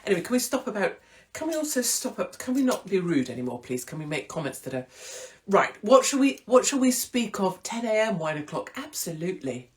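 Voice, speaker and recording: A woman hosting a casual live-stream chat, irreverent and theatrical, breaking into sudden high exclamations. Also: big pitch swings, a little fast. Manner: swings into big high exclamations. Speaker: host.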